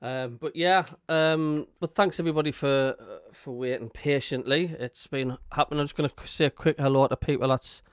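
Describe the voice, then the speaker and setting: A man's voice: medium pitch, fairly quick, hardly any pauses, clear, resonant tone, no room sound, studio quality. Chatty Sunderland man hosting a live show. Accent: Sunderland (Mackem). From North East England. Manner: rambling, reads chat messages aloud. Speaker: host. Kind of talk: casual live-stream chat.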